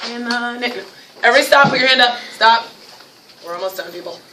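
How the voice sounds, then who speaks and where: A woman with a North Jersey accent leading a teacher training workshop, lively and acting out classroom scenes. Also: fairly high pitch, fairly quick, slight background noise. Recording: echoey room, mic from far off.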